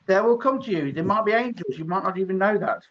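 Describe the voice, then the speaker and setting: A man's voice: high-pitched, animated, fast talker, a bit bright. A man giving live psychic readings in a chatty way, laughing between messages. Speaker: psychic reader. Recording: dull lo-fi stream audio.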